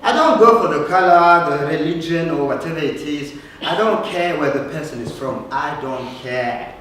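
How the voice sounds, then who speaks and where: A man acting an earnest immigrant living rough, speaking insistently. His voice sits fairly high, heard from far off in an echoey hall with faint ambient noise. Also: moderate pace, fairly bright tone, close to an everyday voice.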